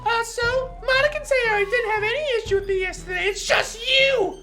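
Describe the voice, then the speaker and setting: A woman voicing a feisty, hot-tempered teenage girl from a visual novel, snapping back with shrill indignation. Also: brisk, sharp tone, soft background music. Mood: indignant.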